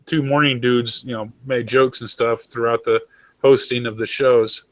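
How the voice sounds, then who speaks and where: A man's voice: medium pitch, level tone, normal speed, dry recording. A man talking casually and swearing a lot, rambling from story to story. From United States. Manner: rambling, profane, jumps into mocking voices. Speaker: talk show host. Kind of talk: casual chat.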